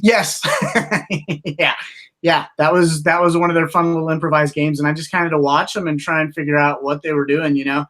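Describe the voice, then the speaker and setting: A man co-hosts a podcast in relaxed conversation. His voice sits a little high and rings bright and forceful. He talks in halting bursts, restarting phrases and slipping into animated voices for the people in his stories. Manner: halting storytelling with many restarts; animated, acts out quotes. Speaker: podcast co-host. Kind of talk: casual podcast chat.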